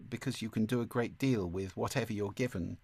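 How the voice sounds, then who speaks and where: A man teaching a masterclass on speaking, with a clear, deliberate delivery and occasional vocal demonstrations. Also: on the low side, darkish tone, no echo. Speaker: speaking coach. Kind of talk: online masterclass lesson.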